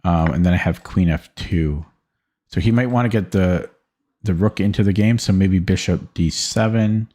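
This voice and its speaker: A man with a deep, warm voice gives live-stream chess commentary at a normal pace. He works through the game aloud hesitantly, often stammering or repeating words.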